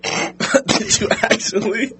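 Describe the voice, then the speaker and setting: A man's voice: high-pitched, takes it slowly, bright, forceful tone. A young man laughing and teasing a girl on a prank call, in casual slang. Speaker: friend making a prank call.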